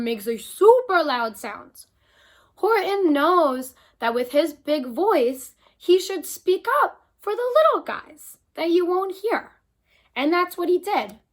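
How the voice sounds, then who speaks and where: A woman reading a children's picture book aloud, animated and expressive as she stops to chat with her young listeners. Her voice is high and her delivery is slow and deliberate. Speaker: storyteller.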